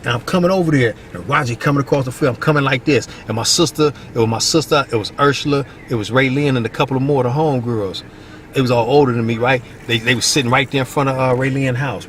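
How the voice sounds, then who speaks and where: A middle-aged man from Long Beach telling a casual story outdoors. He is animated and acts out the people he quotes. Faint street and traffic noise sits behind his voice. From Long Beach, California. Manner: animated storyteller, acts out quotes in a high voice, repeats "you know what I mean". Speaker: vlogger. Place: outdoors by a basketball court, moving in traffic.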